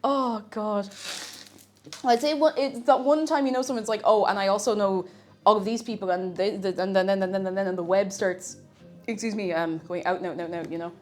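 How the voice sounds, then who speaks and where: A woman's voice: medium pitch, steady tone, normal speed, darkish tone, faint music behind. A woman with an Irish accent chatting casually on a live stream while cooking, reading chat aloud and laughing often. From Ireland.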